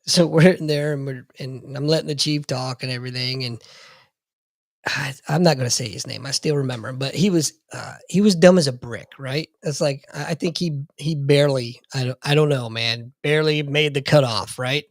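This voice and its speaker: A man's voice: medium pitch, normal speed, no room sound, clean studio sound. A man co-hosting a podcast, a military veteran telling a war story bluntly, cursing and laughing. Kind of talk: casual storytelling chat.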